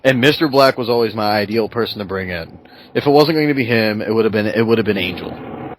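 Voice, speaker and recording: Excitable laughing male podcast host. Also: lowish voice, poor audio. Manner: excited, laughing, rapid restarts. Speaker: show host. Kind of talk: casual podcast chat.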